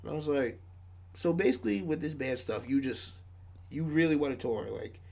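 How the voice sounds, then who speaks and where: A man's voice: mid-range voice, normal speed, creaky, a little mellow. A man, a podcast guest from a band, telling a rambling story with lots of "like"s and frequent laughs. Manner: rambling, many "like"s, laughs often. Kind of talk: casual storytelling.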